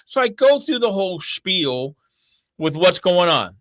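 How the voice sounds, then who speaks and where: A man's voice: high-pitched, big pitch swings, a little slow, a bit bright, no room sound. A middle-aged man on a casual morning show, telling a long story and acting out both sides of phone calls.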